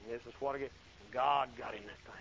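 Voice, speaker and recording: A man preaching a folksy sermon, swinging from loud exclaiming to low murmured asides. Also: fairly even intonation, quick pace, lo-fi sound.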